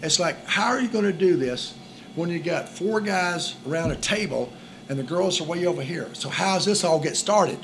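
A man's voice: a little high, expressive, moderate pace, fairly bright tone. A man co-hosting a casual joking chat about dating, rambling and repeating himself as he goes. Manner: rambling, repeats "and all" and "it's like". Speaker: co-host giving dating tips. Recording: noisy background.

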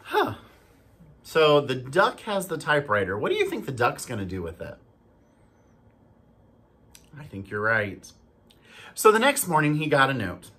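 Animated storybook reader for kids. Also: medium pitch, measured pace, pauses often, slightly rough. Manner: animated, stops to ask children questions. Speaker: school staff member reading to children. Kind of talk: storybook read-aloud for kids.

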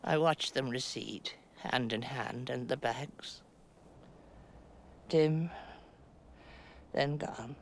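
An actress playing a stoic middle-aged woman, giving a slow, halting stage monologue with long pauses. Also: rumbling low, slight background noise, heavily acted. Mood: musing.

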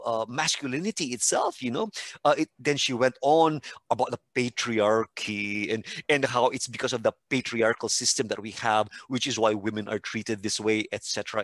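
A man's voice: on the low side, dry recording. A man, a teacher and expert on a podcast, telling stories in casual conversation and acting out what people said. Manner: animated storytelling with acted-out quotes.

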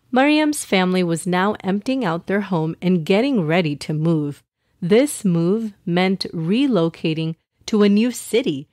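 A woman narrating a children's story in a gentle, expressive way. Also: mid-range voice, dry recording, studio quality.

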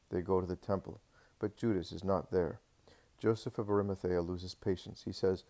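Brief: male audiobook narrator, very low and gravelly, steady solemn reading. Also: normal speed. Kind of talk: scripted narration of a religious text.

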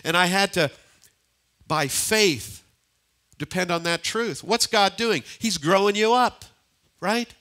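An older man preaching a sermon as pastor, swinging between emphatic lines and hushed near-whispers and repeating key phrases. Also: high-pitched, measured pace. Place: church sanctuary.

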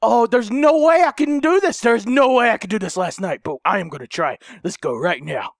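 A man's voice: sits high, animated, brisk, vocal fry, no echo. A young man doing let's play commentary through a horror game, panicking, swearing and repeating himself. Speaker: gaming video host.

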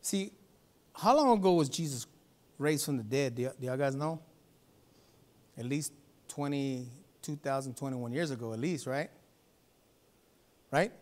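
A male pastor preaching at a church service, swinging from loud exhortation to softer speech and calling out to the congregation for a response. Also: mid-range voice, unhurried, long pauses. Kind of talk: sermon.

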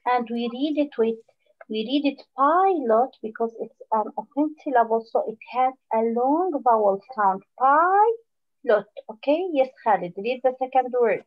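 A woman teaching a phonics lesson online, patient, full of praise, and repeating words slowly for her pupils. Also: on the high side. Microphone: video call. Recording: dull lo-fi online call audio.

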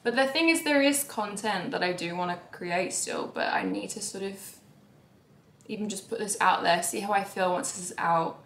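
A young woman vlogging about her life in a candid, emotional way. Her voice swings between soft, sighing lines and sudden raised outbursts. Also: medium pitch, big pitch swings, moderate pace, echoey room, slight background noise. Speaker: YouTuber. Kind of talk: confessional vlog talk.

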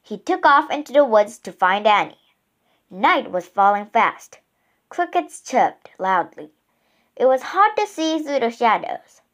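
Woman narrator for a children's storybook, slow and unhurried, expressive. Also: on the high side.

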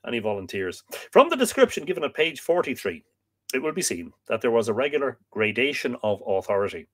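An Irish man hosts a relaxed live stream, reading passages from an old history book aloud. He is sleepy and yawning, trips over difficult names and breaks off to greet viewers with easy jokes. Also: medium pitch, a little fast. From Ireland. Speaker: livestream host reading aloud.

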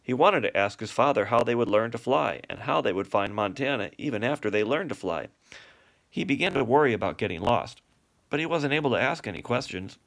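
A man's voice: mid-range voice, brisk, gravelly. Man reading a children's book. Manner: steady storytelling read-aloud. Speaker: narrator. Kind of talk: reading a children's novel aloud.

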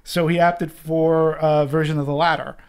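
A co-host muses over a movie in a relaxed chat. The speech is hesitant and full of repeated words as thoughts form. The pitch is medium. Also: normal speed, clean tone. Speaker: podcast co-host. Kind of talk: casual movie discussion.

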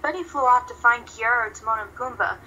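Woman narrator, fan story reading, bright, higher pitch. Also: brisk, muffled recording, a little hiss or hum. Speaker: reader.

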